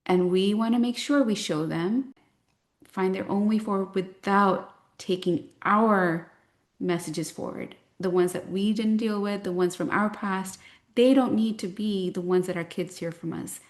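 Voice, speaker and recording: A woman in her thirties, a parent coach, talking to a parent group in a reflective, gently explanatory way and telling personal stories. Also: medium pitch, a little slow.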